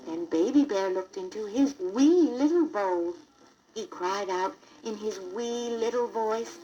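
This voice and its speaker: A woman narrating a children's storybook record in a deliberate, expressive read-aloud manner. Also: medium pitch, rough recording.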